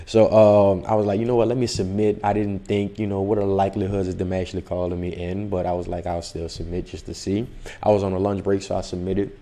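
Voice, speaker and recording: A young man, an actor, casually telling a story in an interview and acting out the dialogue with lively voices. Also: low voice, fast. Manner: animated, acts out dialogue in the story. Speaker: actor guest.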